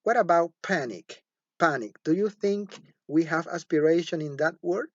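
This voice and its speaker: The recording is dull, lo-fi and dry, with no echo, as a teacher gives a phonetics lecture in a mid-range voice at normal speed. Patient and repetitive, he repeats words and frequently checks in by asking "okay?"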